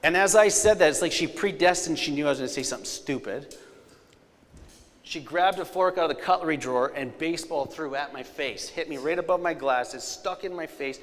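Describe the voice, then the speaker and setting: A man giving a live storytelling safety presentation, energetic, with loud punchlines and quiet, serious asides. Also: fairly high pitch, brisk. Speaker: safety speaker. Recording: long hall reverb.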